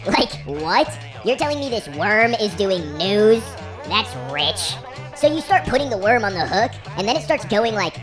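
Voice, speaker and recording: A woman telling an absurd comic story as a monologue, exasperated and deadpan. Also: medium pitch, a little slow. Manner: exasperated, deadpan storytelling, lively swings between voices. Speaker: comedian. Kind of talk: comedic monologue. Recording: music behind the voice.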